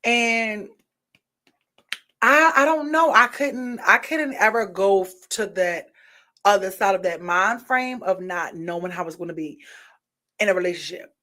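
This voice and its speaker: A woman talks straight to her audience in a loose, unscripted monologue. She is frank and opinionated, circling her point with fillers and restarts, and her voice sits at an ordinary middle pitch. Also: measured pace, pushed and bright. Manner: candid, rambling, opinionated, with many fillers. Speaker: vlogger.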